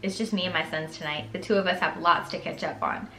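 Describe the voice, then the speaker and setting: A young woman voicing a caring middle-aged mother from a story game, speaking softly and gently. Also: on the low side, fairly even intonation, fast talker, reverberant, pitched below the performer's own voice.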